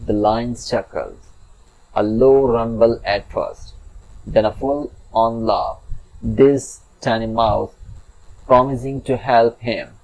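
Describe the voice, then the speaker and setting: A man's voice: medium pitch, a little mellow, rough recording. A man telling a children's fable in a chatty, playful storybook narration with asides to the listener.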